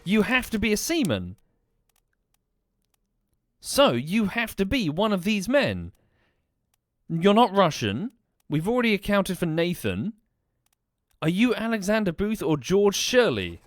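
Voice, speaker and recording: A man's voice: high-pitched, very animated, measured pace, pauses often, dry recording. A man streaming a game, thinking aloud and questioning the characters on screen. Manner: musing aloud, talking to characters. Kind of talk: live game commentary.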